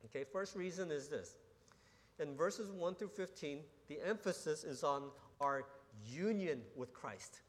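Pastor preaching in a reverberant hall. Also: male voice, on the high side, normal speed. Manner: earnest teaching tone with frequent restarts and rhetorical questions. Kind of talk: sermon.

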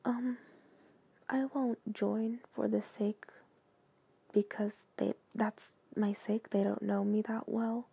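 A woman's voice: medium pitch, level tone, slow pace, vocal fry, warm tone, breathy edge, no room sound, highs cut off. A woman hosting a casual copypasta reading, talking hesitantly with many fillers and asides.

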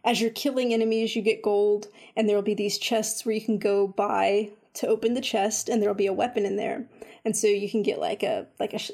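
A woman chatting casually about a game she has been playing, full of "like" and "um", animated when she retells her own reactions. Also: fairly high pitch. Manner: chatty, lots of fillers like "like" and "um". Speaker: video game reviewer. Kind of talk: casual chat.

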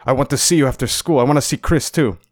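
A man's voice: medium pitch, quick pace, dry recording, studio quality, close to an everyday voice. A man doing a stern, curt mother. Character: nagging mother, stern and no-nonsense.

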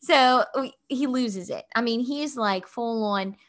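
A woman in her thirties tells a family story in a relaxed, animated chat. Her voice sits a little high, and she keeps dropping "like" in as she talks. She sounds like a mother sharing the story casually. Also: a little slow. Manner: animated, fills speech with "like".

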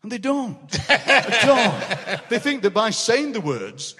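Yorkshireman in his 60s, comic storyteller, fairly high voice, big hall reverb. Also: measured pace, slightly rough. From Yorkshire, England. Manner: animated, laughing anecdotes with voices. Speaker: guest poet. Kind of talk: comic storytelling in a live interview. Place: large city hall, live audience.

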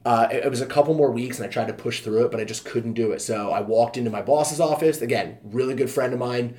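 A man's voice: medium pitch, fast talker, darkish tone. A man in his thirties, a fitness trainer and podcast guest, telling his own story in a candid, casual way, full of fillers and easy swearing.

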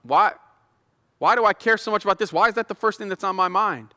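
A man's voice: high voice, fairly quick, bright, forceful tone. A middle-aged male pastor giving a sermon, chatty and self-deprecating, building into fervent prayer. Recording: long hall reverb.

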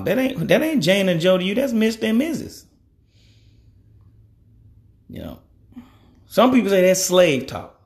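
Blunt thirtysomething guy ranting his opinions, gravelly voice that bounces all over in pitch. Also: very animated, moderate pace, pauses often. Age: 30s. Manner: blunt, cussing, conversational; frequent "you know" fillers. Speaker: podcast host. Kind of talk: opinion monologue.

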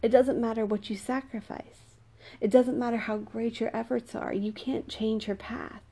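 A woman's voice: fairly high pitch, level tone, moderate pace, warm tone. A woman voicing a wise, sorrowful royal minister who speaks in a solemn, reproving way.

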